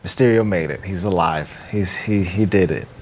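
A man hosting a casual podcast, retelling a film scene in an animated, playful way. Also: low voice, moderate pace, a little hiss or hum. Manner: animated, playful storytelling with voices. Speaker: podcast host.

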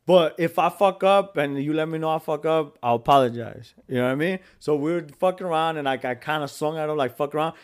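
A man's voice: on the high side, a little fast, few pauses. A man co-hosting a casual podcast, telling a story with lots of swearing, laughter and Spanish slang. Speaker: podcast co-host. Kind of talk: casual chat.

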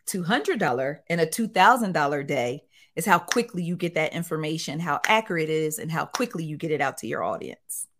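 A middle-aged woman, a guest who owns a site, tells a story in a casual interview. Her voice is low and a little fast, and she's animated, acting out the quotes in different voices.

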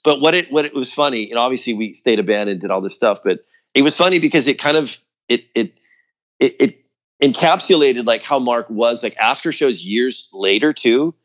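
A man telling a story about his old band in casual chat, acting out quotes in a higher voice, with lots of fillers. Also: expressive, normal speed, fairly bright tone. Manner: loose and chatty, many fillers like "like" and "you know". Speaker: guest musician.

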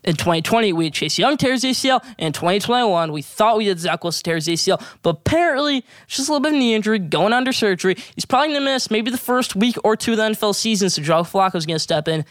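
A young adult hosting a sports podcast, giving excitable, opinionated takes and hyping players in casual talk. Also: mid-range voice, fast talker, few pauses, no echo, clean studio sound.

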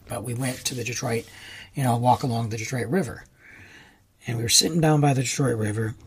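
A podcast host tells a rambling personal story on his own show, his voice carrying a breathy edge. He's casual and animated, jumping high in pitch for excited reactions.

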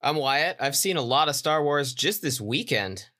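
A man co-hosting a podcast in casual chat, excitable and teasing. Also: a little high, moderate pace. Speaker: podcast co-host.

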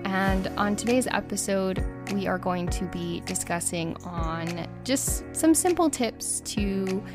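Slow-talking woman hosting a pet podcast. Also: mid-range voice. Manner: chatty, upbeat, with small laughs and restarts. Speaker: podcast host. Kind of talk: casual solo podcast talk.

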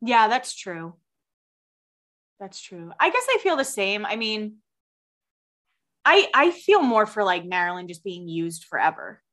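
A woman's voice: mid-range voice, sing-song, unhurried, long pauses, a bit bright. A woman co-hosting a podcast in casual chat, chatty, laughing easily and swearing freely. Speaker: podcast co-host.

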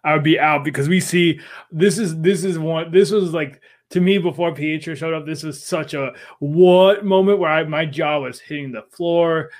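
Male podcast co-host, a touch high-pitched, eager and chatty as he theorizes. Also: normal speed. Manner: excited fan theorizing. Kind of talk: casual recap chat.

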